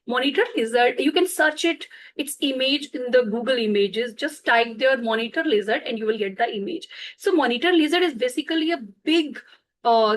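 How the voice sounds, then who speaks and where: A woman narrating a bedtime story slowly, pausing to explain words for children, with fillers and self-corrections. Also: sits high, slight background noise, low-quality recording.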